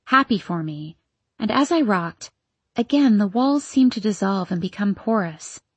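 A woman reading a novel aloud in steady scripted narration. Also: mid-range voice, breathy edge, no room sound. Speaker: audiobook narrator.

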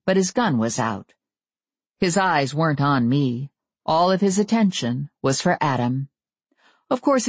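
A woman's voice: sits low, no echo. Dry-voiced wry audiobook narrator, a woman. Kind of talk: first-person novel narration.

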